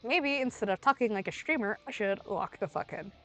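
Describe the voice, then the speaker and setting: A young woman streams a game under the weather, rambling in a playful, casual way. Her pitch swings widely, jumping to sudden loud bursts. Soft music plays faintly behind her. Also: lively intonation, brisk.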